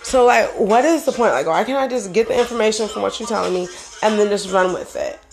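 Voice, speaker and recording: Gravelly, rambling woman vlogger. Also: mid-range voice, fast, soft background music. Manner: rambling, slangy, profane. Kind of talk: casual monologue to viewers.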